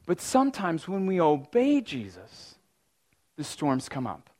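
A man preaching a sermon in a casual, conversational way, often saying "like" and restarting sentences, now and then breaking into loud mock-panic cries. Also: a little high, wildly swooping pitch, a little slow. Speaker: pastor.

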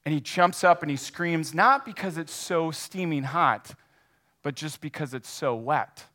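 A man preaching a sermon, retelling a parable in a lively, animated way. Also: on the high side, measured pace. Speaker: pastor. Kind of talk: sermon storytelling.

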